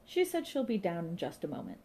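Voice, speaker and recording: A flirtatious museum shop receptionist, as a woman reading a storybook puts her on, prattling in a breezy, gossipy, naive way. The voice is lifted and eager over a mellow base. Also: lowish voice, wildly swooping pitch, brisk, gravelly, a little hiss or hum, exaggerated voice. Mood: chatty.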